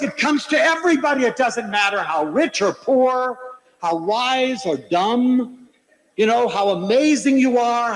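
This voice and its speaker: Lively older man lecturing in a hall. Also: sits high. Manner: animated storytelling with playful asides. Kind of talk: humorous inspirational lecture. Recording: hall reverb from a lecture stage.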